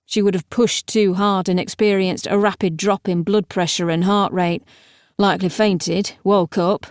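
A woman's voice: medium pitch, darkish tone, no echo, lightly acted. A woman reads a young male necromancer scholar with a dry, clipped, matter-of-fact manner. His voice sits in a middle register and is recorded close and dry, with no room around it. It fits an audiobook. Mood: brisk. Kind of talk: audiobook character voice.

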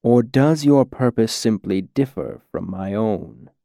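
A menacing shadowy lord speaks softly and very slowly, each word placed with patience, as a man reads him. His voice is low and gravelly. The recording is close and dry. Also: no room sound. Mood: cold, patient. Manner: slow, soft, carefully measured menace.

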